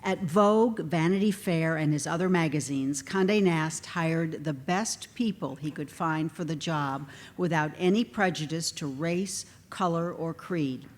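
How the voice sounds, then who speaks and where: Low-voiced woman emceeing in a reverberant hall. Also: a little slow, few pauses. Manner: warm, chatty asides between scripted lines. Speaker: ceremony emcee. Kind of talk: reading inductee introductions at an awards ceremony. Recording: long hall reverb, faint background noise.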